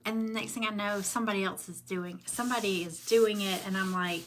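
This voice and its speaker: A woman's voice: mid-range voice, steady tone, fairly quick, slight background noise. A middle-aged woman with a Southern US accent, chatting in a rambling way while she crafts live and greets viewers by name. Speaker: craft livestream host. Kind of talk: casual livestream chat while crafting.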